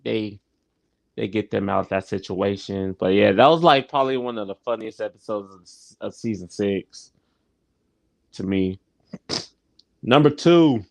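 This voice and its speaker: A man's voice: mid-range voice, a little mellow, no echo. A man hosting a live stream, casually recapping a sitcom episode, often laughing and restarting his phrases. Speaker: show host and TV reviewer.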